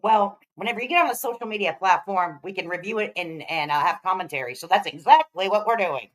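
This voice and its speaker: A woman's voice: mid-range voice, expressive, quick pace, poor audio. A woman hosting a reaction commentary, teasing and sarcastic, often breaking into laughter. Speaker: commentary channel host.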